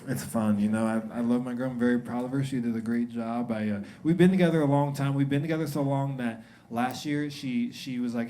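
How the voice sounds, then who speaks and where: On a comedy club stage, a young man with a mid-range, steady voice rattles through a stand-up set briskly and barely pauses, chatting loosely, acting out quotes and laughing at his own jokes. The live recording is full of loud crowd noise and audience laughter.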